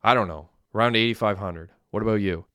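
A man voicing a sarcastic, hot-tempered young man who yells. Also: fairly low pitch, fast talker, smooth, dry recording, clean studio sound. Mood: angry. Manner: sarcastic, yelling.

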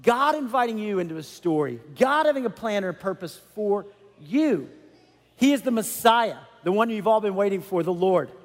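A man delivers a sermon with a high voice, speaking to the congregation in a chatty, animated way. His words ring out with a long reverb, like a church sanctuary. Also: normal speed. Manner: animated, conversational preaching with many asides. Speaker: pastor.

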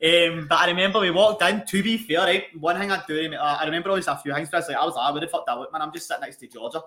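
A man's voice: on the high side, steady tone, very fast, sharp tone. A young man telling a rowdy story with lots of swearing and laughter, as a podcast co-host in casual chat. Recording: echoey room.

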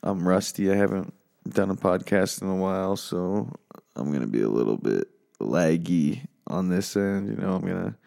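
A man with an American accent hosting a casual late-night solo podcast from his home office, talking low and quiet in a rough voice, laid-back and rambling, swearing often. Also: animated, moderate pace. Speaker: podcast host.

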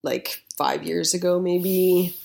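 A woman in her forties talks slowly in a low, gravelly voice. She speaks softly and hesitantly in a casual chat. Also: background noise. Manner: slow, hesitant, soft-spoken. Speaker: conversation partner.

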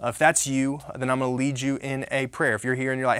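A man's voice: mid-range voice, little pitch movement, fast talker, hardly any pauses, fairly bright tone, clear, resonant tone, dry recording. Casting note: male pastor giving a sermon, conversational and emphatic, dry close sound. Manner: conversational, emphatic, frequent "right?" and restarts.

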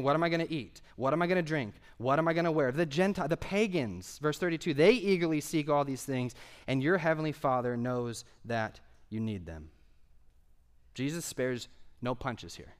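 A man preaching a sermon, earnest and emphatic, with conversational asides to the congregation and swings from quiet to loud. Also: fairly high pitch, lively intonation, moderate pace. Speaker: pastor.

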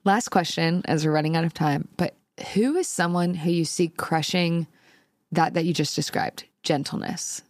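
A woman's voice: fairly low pitch, moderate pace, darkish tone, no echo, clean studio sound. A woman hosting a podcast, asking friendly, curious questions. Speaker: podcast host. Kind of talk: casual interview.

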